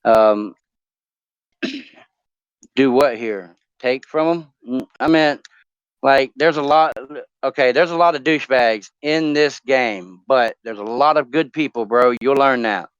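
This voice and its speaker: A man's voice: mid-range voice, slow, smooth, no room sound, dull audio. A man talking casually on a live stream, rambling and swearing, with many ums and restarts as he talks openly about his family. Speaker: talk show guest.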